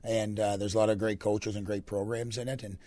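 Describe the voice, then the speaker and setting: A young Canadian man, a hockey coach with a deep, raspy voice, answering radio interview questions in a relaxed, rambling way. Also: a little fast, no echo. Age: young adult. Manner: relaxed, rambling answers with many fillers and restarts.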